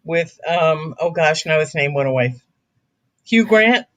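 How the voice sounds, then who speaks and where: A woman's voice: deep voice, expressive, measured pace, dull audio. A woman with a Long Island New York accent, wry and teasing in casual chat.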